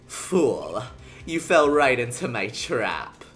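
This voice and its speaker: A streamer doing a smug, slow-talking prosecutor. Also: medium pitch, sing-song, a bit bright. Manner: slow, measured and condescending. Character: cold, smug male prosecutor. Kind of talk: voicing game dialogue on a stream.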